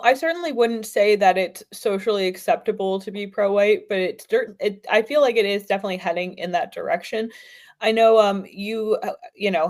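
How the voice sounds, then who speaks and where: A woman's voice: mid-range voice, a little mellow. A woman hosting a casual political discussion, earnest and conversational with a blunt edge. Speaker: podcast host.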